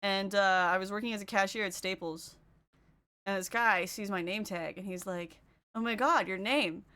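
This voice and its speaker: A woman talks casually on a livestream while she does her makeup. She is chatty, laughs often and replies to her chat as she goes. Her voice sits at an ordinary middle pitch. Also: steady tone, moderate pace, bright, forceful tone, clean tone. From Canada.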